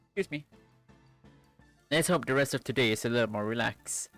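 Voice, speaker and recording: A man streaming a visual novel, reading its narration with lively asides. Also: mid-range voice, fast talker, faint music behind. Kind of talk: visual novel read-aloud.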